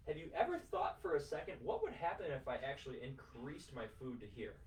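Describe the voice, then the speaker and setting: A man's voice: medium pitch, recorded from a distance, a little hiss or hum. A man as a fitness coach, lecturing his podcast listeners in an emphatic, repetitive, motivational way, swearing casually. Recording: roomy sound from a mic set back.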